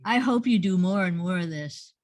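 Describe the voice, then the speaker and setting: Woman hosting effusive low-voiced workshop teacher. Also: expressive, moderate pace, a little mellow, no echo. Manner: effusive, praising, repeats words. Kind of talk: encouraging group workshop feedback. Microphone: video call.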